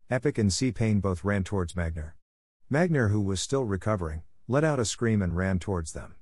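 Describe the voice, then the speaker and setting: A man reading an action story aloud in a steady, plain narration. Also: fairly low pitch, moderate pace, breathy edge, no room sound, clean studio sound.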